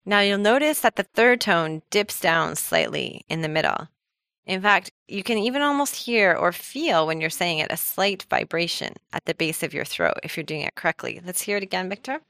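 Upbeat woman teaching pronunciation, bright clear voice, dry close mic. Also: fairly low pitch, expressive, moderate pace, no room sound. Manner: upbeat, explanatory, laughs easily. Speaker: language teacher host. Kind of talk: scripted podcast lesson with co-host.

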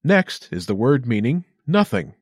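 Guy hosting a language lesson, clear and upbeat, bouncy intonation, dry close sound. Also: medium pitch, big pitch swings, unhurried, no room sound. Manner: clear, upbeat instructional delivery. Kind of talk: scripted lesson narration.

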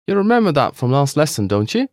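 A man's voice: fairly high pitch, big pitch swings, fast talker, a little mellow, no room sound, studio quality. A man co-hosting a scripted language lesson, upbeat and encouraging toward listeners.

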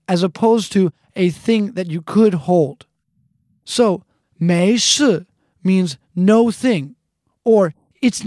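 Woman teaching slow, careful phrases. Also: lowish voice, darkish tone, no echo, clean studio sound. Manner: slow, deliberate repetition of phrases. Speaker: language teacher. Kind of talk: scripted language lesson.

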